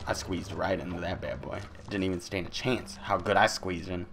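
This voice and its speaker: A man giving playful let's-play commentary, goofy and taunting, with sudden loud outbursts. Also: deep voice, steady tone, normal speed, vocal fry, very noisy. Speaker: gameplay commentator.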